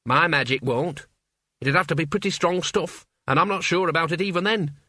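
A man's voice: on the high side, moderate pace, pushed and bright, no echo, clean studio sound, voice pushed up. A man voicing a kindly, absent-minded young male wizard with a mild way of talking.

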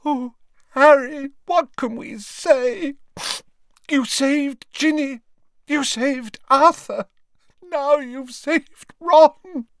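Man putting on a teary mum voice way up high, drawn out and emotional. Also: very slow, dry recording, studio quality, full character voice. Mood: tearful. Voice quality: high, sobbing. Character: distraught motherly middle-aged woman, emotional.

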